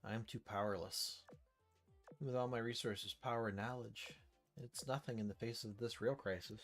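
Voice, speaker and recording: A man's voice: lowish voice, fairly even intonation, normal speed, fairly bright tone. Man dramatically reading a game story. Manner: dramatic first-person narration with shifting intensity. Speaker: story reader. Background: faint background music.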